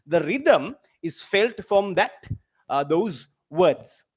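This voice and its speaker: A man's voice: sits high, big pitch swings, drawn-out words, breathy edge. A man teaching a literature lesson, explaining terms and going over examples more than once. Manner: explains with repeated examples, asks students direct questions. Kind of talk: online lecture.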